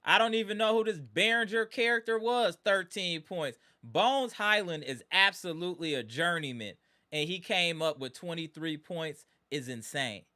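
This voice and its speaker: A man with a high, bright voice hosts a live fan stream and vents in exasperation. He repeats his points and talks straight to his viewers. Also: moderate pace. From Wisconsin. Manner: exasperated, ranting, repeats himself.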